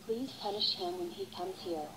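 A female text-to-speech voice playing an upset cartoon doll who pleads in a flat way. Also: medium pitch, moderate pace, lightly acted, poor audio. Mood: pleading. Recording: clear background noise.

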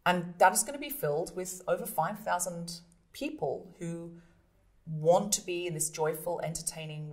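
A woman comedian and podcast host telling stories in an interview, animated and acting out scenes with voices. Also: low voice. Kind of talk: storytelling interview.

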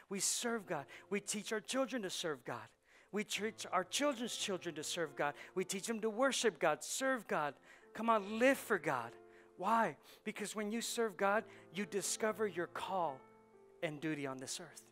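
Male pastor, fairly high voice, fervent sermon with hushed and loud stretches, faint music underneath. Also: animated, unhurried. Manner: passionate preaching, swings from hushed to loud, repeats phrases. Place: church sanctuary.

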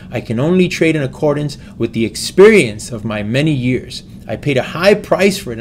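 A man voicing a kindly, fatherly old male stock trader who speaks slowly and earnestly. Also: mid-range voice, a little mellow, a little hiss or hum, close to an everyday voice.

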